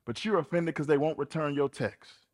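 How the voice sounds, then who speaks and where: A man preaching a sermon in an animated, colloquial, playful way. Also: a little high, normal speed. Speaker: pastor.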